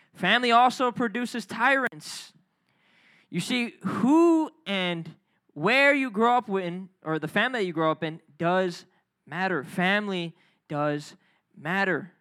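High-pitched, lively youth pastor. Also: male voice. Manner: energetic, calls for crowd responses. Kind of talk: youth sermon. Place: church youth service.

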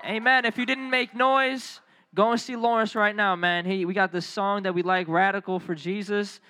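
A man preaching a sermon as a youth pastor, telling lively stories and calling on the crowd to respond. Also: sits high, normal speed, a little hiss or hum.

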